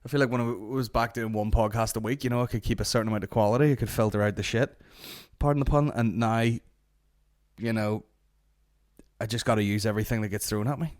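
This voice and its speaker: A man hosting a comedy podcast, telling stories in a rambling, profane, deadpan way. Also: on the low side, a little fast, no room sound, studio quality. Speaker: podcast host. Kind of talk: comic podcast rant.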